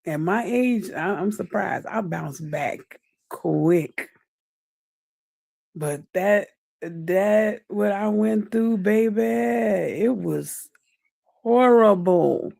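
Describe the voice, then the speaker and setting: A woman's voice: mid-range voice, extremely slow, gravelly, a little mellow, no echo, clean studio sound. A woman hosting a casual livestream update, chatting at length with her viewers and calling them y'all and baby. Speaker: livestream host. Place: at home.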